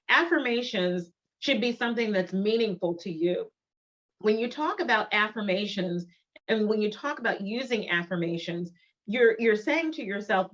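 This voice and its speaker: A middle-aged woman giving a motivational conference talk, emphatic and deliberate, repeating her key phrases. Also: medium pitch, a bit bright. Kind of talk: motivational presentation. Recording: dull lo-fi recording.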